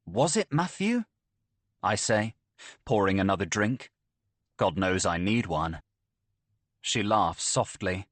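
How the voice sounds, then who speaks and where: Slow, expressive male audiobook narrator. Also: on the low side, dry recording. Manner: expressive, tense storytelling. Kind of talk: first-person thriller narration.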